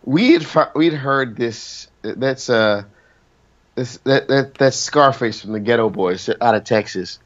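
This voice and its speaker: A man in casual interview chat, a singer answering questions at a middle pitch. He rambles, trips over his words and circles back to his points. The sound is dull and lo-fi. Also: measured pace. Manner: rambling, many restarts and fillers.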